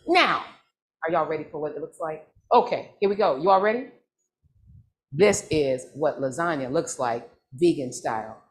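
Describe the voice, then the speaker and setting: An excitable woman hosts a live cooking demonstration. She chats straight to her audience, repeats herself and keeps calling out to them. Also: low voice. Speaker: church cooking demo host.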